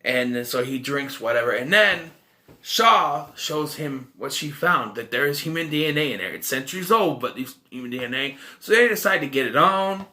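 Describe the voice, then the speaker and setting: Lively, bright-voiced man recapping a film. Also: mid-range voice, moderate pace. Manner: rambling plot recap, self-correcting, wry asides. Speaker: film reviewer. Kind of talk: casual spoken movie review.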